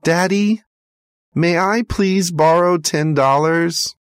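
A man's voice: slow pace, smooth, no echo, studio quality. Man doing a pleading five-year-old boy. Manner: small, earnest, high-pitched.

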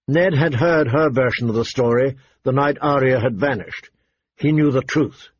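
A man narrating a novel in an even, storytelling delivery, in a dull, faintly noisy recording. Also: mid-range voice, moderate pace, slightly rough, no echo. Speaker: audiobook narrator. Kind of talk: scripted narration.

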